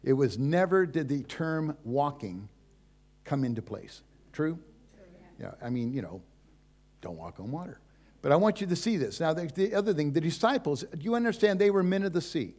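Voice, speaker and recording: A man's voice: on the high side, sing-song, moderate pace, darkish tone. An older man preaching a sermon as pastor, in a folksy, conversational way full of asides and rhetorical questions.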